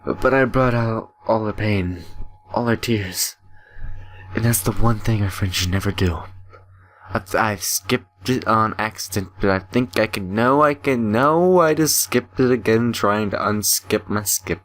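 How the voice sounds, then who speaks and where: This gaming YouTuber, a young man, reads a horror visual novel aloud with dramatic delivery and joking commentary. His voice is lowish and a bit bright, and his pace is a little slow.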